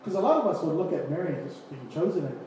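A man preaching a sermon, animated, acting out scripture scenes with voices and laughter. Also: on the high side, fast, a little hiss or hum. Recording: echoey hall, distant mic, faint ambience.

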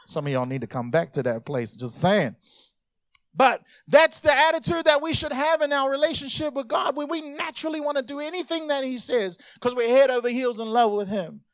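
Animated pastor preaching. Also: male voice, extremely high pitch, brisk, no echo, clean studio sound. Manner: animated, swings from soft to loud, acts out voices in stories. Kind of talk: sermon.

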